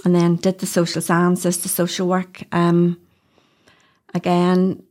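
A middle-aged woman with a Northern Irish accent talks in a relaxed, chatty way, her voice sitting a little low. She tells stories in long rambling runs, dropping in little laughs. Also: slow. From Northern Ireland. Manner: chatty storyteller, laughs often, uses "wee". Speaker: doula, podcast guest. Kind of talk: casual interview chat.

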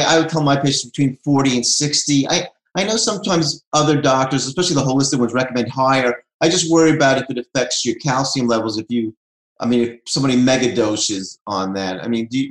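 A man hosting a podcast asks long, rambling questions with many fillers and an easygoing, chatty manner. His voice has an ordinary middle pitch. The recording has a roomy echo. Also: fast talker. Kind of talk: podcast interview.

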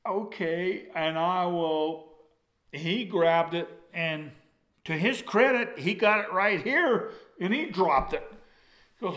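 An older man tells a rambling, folksy story to a gathered audience, acting it out with his hands. His voice sits a little high for a man. It rings with a noticeable room echo. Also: animated, slow, fairly bright tone. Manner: folksy, rambling, acts out with gestures.

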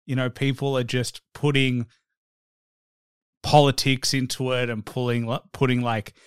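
Podcast host guy, smooth clear voice, dry close sound, laid back. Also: medium pitch, unhurried, dry recording. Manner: relaxed, agreeable, hedging with "like". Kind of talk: casual interview chat.

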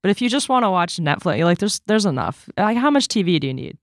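A tech writer co-hosting a podcast, chatting casually and quickly, often saying "like". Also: medium pitch, no echo, clean studio sound. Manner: lively and chatty, peppered with "like".

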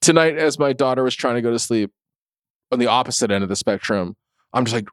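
A man's voice: mid-range voice, fairly quick, no echo, studio quality. A middle-aged man co-hosting a podcast, chatting casually, laughing often, swearing and stumbling over restarts. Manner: laughing, profane, stammering restarts. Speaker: podcast co-host. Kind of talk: casual chat.

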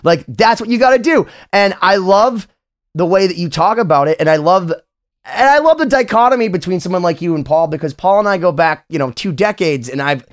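A man hosting a podcast, talking in an animated, rambling way with casual swearing. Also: sits high, fairly quick. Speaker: podcast host.

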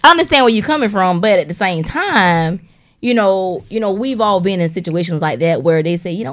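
A woman's voice: lowish voice, lively intonation, a little fast. A woman co-hosting a casual podcast chat, talking things through in a laid-back way with lots of "you know.". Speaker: podcast co-host.

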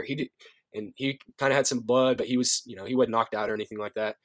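A man who works as a youth director at a ministry, telling a story in an interview, animated, acting out the voices of people he quotes, often restarting his sentences. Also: mid-range voice, quick pace, no room sound.

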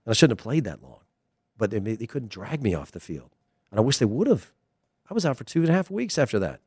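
A man's voice: mid-range voice, big pitch swings, fast talker, darkish tone, breathy edge, no room sound, studio quality. A middle-aged American man, a former player, giving a digressive, emphatic casual commentary monologue. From United States.

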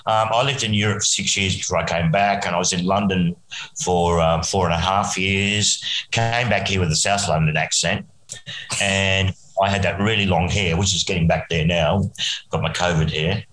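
A man's voice: low-pitched, steady tone, normal speed, fairly bright tone, echoey room, a little hiss or hum, low-quality recording. An Australian man, a musician guest, rambling through a story and chuckling often. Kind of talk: casual anecdote telling.

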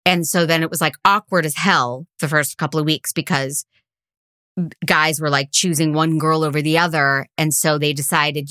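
A woman co-hosting a podcast in casual chat, animated and playful, quick to laugh. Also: low-pitched, no room sound, studio quality. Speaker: podcast co-host.

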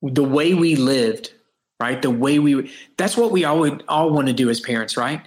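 Guesting on a podcast for a casual interview chat, a man with a mid-range voice and moderate pace talks earnestly and reflectively in long runs with frequent restarts. The recording has a roomy echo.

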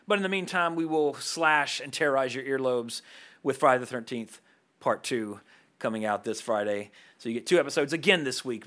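A man hosting a casual podcast chat, joking and animated. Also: mid-range voice. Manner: animated, joking, talks quickly. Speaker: podcast host.

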